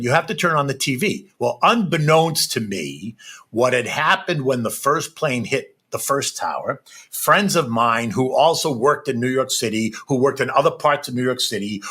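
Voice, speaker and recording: A middle-aged man telling a personal story as a podcast guest, animated and keeps checking in with "right?". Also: medium pitch, husky.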